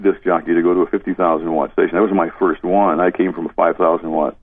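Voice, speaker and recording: A man's voice: sits low, flat delivery, quick pace, no room sound. An older man, a former disc jockey, telling stories in an interview, rambling and chuckling as he goes. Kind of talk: reminiscing interview. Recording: dry tinny phone line.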